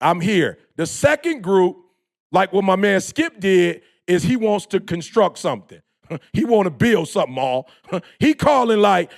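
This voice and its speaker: High, gravelly-voiced impassioned male speaker. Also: big pitch swings, measured pace. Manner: preachy, emphatic, bursts into shouting; slangy, repeats phrases for emphasis. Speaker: motivational speaker. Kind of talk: impassioned motivational talk.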